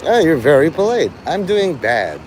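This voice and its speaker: A man's voice: on the high side, big pitch swings, moderate pace, a little mellow, slight background noise. A man livestreaming, rambling and teasing his chat, breaking into mock-angry, swearing rants.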